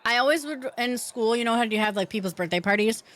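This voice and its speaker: A woman's voice: fairly high pitch, a bit bright. A young woman streaming a game, chatting casually, joking and laughing, talking while eating. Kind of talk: casual gaming stream chat.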